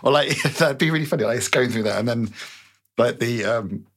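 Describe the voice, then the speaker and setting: A man's voice: medium pitch, fairly quick. A man co-hosting a casual comedy chat, laughing often and chiming in with jokes. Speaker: podcast co-host.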